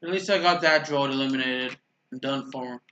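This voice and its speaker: A man's voice: medium pitch, normal speed, bright, forceful tone, dull audio, slight background noise. A man giving casual, rambling commentary over a video game, often stopping to correct himself and stuttering. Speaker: gaming YouTuber. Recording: roomy echo.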